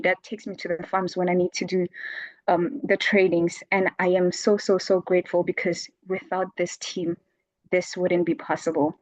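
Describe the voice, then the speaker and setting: A woman from South Africa speaking on a video call, her voice low and flat. She is earnest and close to tears, and she repeats her words for emphasis. The line sounds dull and dry. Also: no echo. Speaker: award winner. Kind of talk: acceptance speech on a video call.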